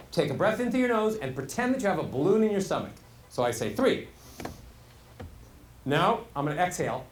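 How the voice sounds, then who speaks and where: Male voice coach at a live workshop, lively pitch, roomy echo with faint hum of the hall. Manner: animated, demonstrative, questions the audience.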